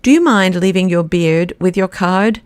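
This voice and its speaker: A woman reading the part of a huge, commanding male anarchist president, brisk and mockingly courteous. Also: lowish voice, smooth, no room sound, natural voice.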